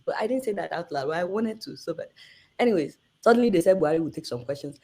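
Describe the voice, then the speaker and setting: Animated Nigerian woman telling a story. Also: quick pace. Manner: acts out quoted voices with big pitch jumps. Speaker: journalist guest.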